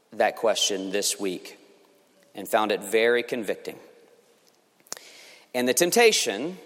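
A man preaching a sermon as pastor, emphatic and swinging between loud passages and hushed ones. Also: mid-range voice, in a large hall.

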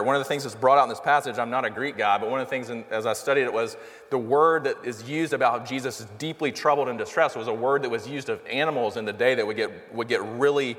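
A man's voice: medium pitch, a bit bright. A man preaching a sermon in a conversational, earnest way, full of rhetorical questions. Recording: long reverb of a hall.

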